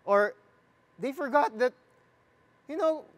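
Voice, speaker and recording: A preacher gives a sermon and reads scripture aloud. The delivery is slow and deliberate, with phrases repeated, and the preacher asks the listeners questions and jokes with them. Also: high voice, animated.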